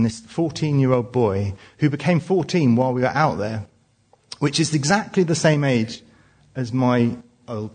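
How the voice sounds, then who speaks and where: Preacher, male, 40s, husky, chatty storytelling sermon. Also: medium pitch, darkish tone. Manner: conversational, frequent restarts and "uh" fillers. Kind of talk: sermon with personal stories.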